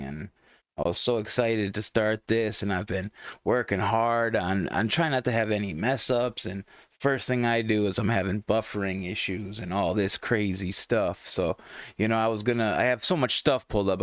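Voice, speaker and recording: A man's voice: on the low side, no room sound. A man hosting his own morning livestream from a home computer, talking in a rambling, chatty way and often restarting his sentences. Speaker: livestream morning show host. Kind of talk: casual live stream chat. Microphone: desktop microphone at a computer.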